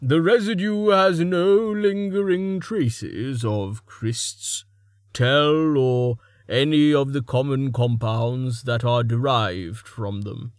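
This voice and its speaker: A man voicing a calm, controlled male character who speaks firmly in an audiobook. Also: medium pitch, takes it slowly, dry recording, studio quality, pitched above the performer's own voice, lightly acted. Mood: patient. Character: calm male traveller with restrained anger.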